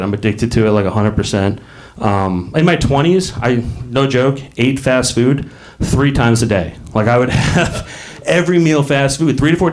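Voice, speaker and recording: A man in his late thirties doing a stand-up comedy set in a club, rambling and self-mocking, bursting into acted voices. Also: medium pitch. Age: late 30s.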